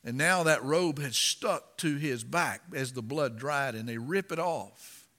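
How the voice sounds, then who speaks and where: A man preaching a sermon and reading scripture aloud, impassioned and dramatic, rising to loud emphasis. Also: medium pitch, a little slow, in a large hall.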